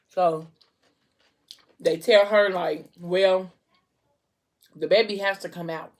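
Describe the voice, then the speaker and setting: A woman, telling a book's plot in a chatty, expressive way and acting out the dialogue. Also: lowish voice, takes it slowly, pauses often. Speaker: vlogger. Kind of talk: casual storytelling while eating.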